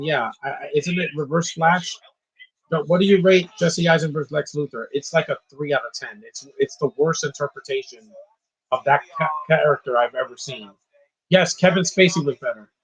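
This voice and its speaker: A man gives casual live commentary on a movie, opinionated and ranting about what he dislikes. His voice is on the high side with a breathy edge, and the audio is poor.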